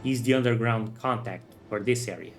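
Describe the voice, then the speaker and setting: A man voicing a gruff, slangy male thief with a rough streetwise way of talking, over faint music. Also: medium pitch, moderate pace, lightly acted. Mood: sly.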